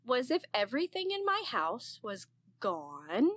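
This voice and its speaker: A woman in her thirties, an aspiring narrator, chatting on a podcast in an expressive, freely swearing way. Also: fairly high pitch, unhurried. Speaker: guest, aspiring narrator and voice actor. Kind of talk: casual podcast chat.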